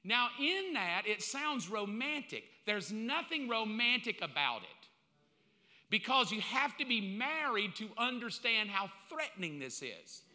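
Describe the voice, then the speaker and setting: A male pastor preaching a sermon in a blunt, animated way, acting out bits of dialogue as he goes. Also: sits high, unhurried. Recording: long reverb of a large hall.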